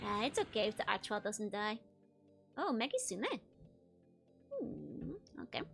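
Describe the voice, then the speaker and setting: Giggly young woman chatting while gaming. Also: fairly high pitch. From Netherlands. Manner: giggly, laughs often, rambling. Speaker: VTuber streamer. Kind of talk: casual chat while gaming.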